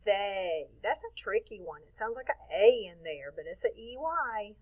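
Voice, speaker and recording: A woman's voice: medium pitch, very animated, moderate pace, low-quality recording. A woman teaching a children's phonics lesson, patient and encouraging, drawing words out to show stress. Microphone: phone or webcam.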